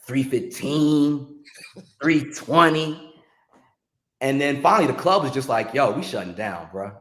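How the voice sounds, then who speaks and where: A middle-aged man from the music industry tells stories in a relaxed chat, animatedly acting out the voices of the people he quotes. His voice is medium in pitch and a little slow, with a reverberant sound.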